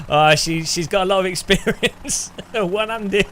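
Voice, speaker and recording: A man's voice: sits high, background noise. A man hosting a gaming channel, chatting casually through his gameplay with cheeky jokes and frequent giggles. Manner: giggly, laughing often between remarks; cheeky, joking banter.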